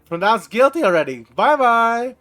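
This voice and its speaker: A man commentating on a game during a live stream, excitable and swearing freely. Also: very high voice, normal speed. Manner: excitable and profane. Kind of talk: casual live gameplay commentary.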